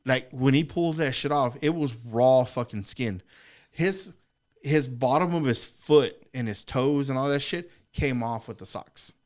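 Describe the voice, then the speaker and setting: Man, podcast co-host, animated storytelling, swears a lot, acts out quotes. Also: mid-range voice, measured pace. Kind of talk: casual storytelling chat.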